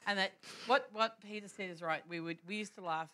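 A woman telling a church testimony story, animated and laughing often, with many restarts. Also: medium pitch. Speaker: church speaker.

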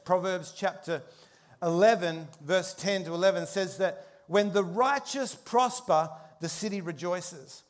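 A man preaching a sermon, telling a humorous story with animated shifts in pace and loudness. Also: sits high, unhurried. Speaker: pastor.

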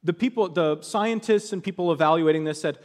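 A man's voice: on the high side, a little fast, in a large hall. A man preaching a sermon, telling a story with animation and acting out the voices of the people in it.

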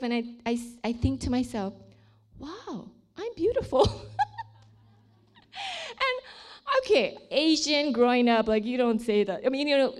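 A woman of sixty giving a testimony sermon to a room of listeners, telling her story with animated storytelling and leading an earnest, pleading prayer. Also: high voice. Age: 60s. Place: room with a seated audience.

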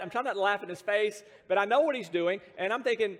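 An American pastor delivers a sermon in a high, light voice that echoes with long reverb through a church sanctuary. Speaking fairly quickly with lively intonation, he tells stories full of self-deprecating humor and chuckles between his points.

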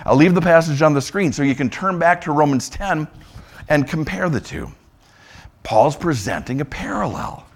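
A man preaching with a fairly high voice. He is emphatic, often repeating a word for stress. When he gives God's words, his voice rises and grows louder. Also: lively intonation, moderate pace. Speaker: pastor. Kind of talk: sermon.

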